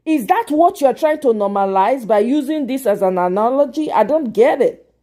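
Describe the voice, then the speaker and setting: A woman's voice: sits high, lively intonation, moderate pace, warm tone. A Nigerian woman hosting a livestream, talking back to her chat in Pidgin-flavoured English with an exasperated manner. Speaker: livestream host. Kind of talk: casual livestream commentary.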